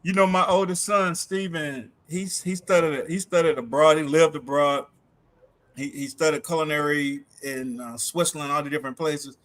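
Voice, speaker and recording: A middle-aged man co-hosting a casual livestream, telling animated stories from home, laughing often and acting out quotes. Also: fairly high pitch, moderate pace. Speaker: livestream co-host. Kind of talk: casual chat.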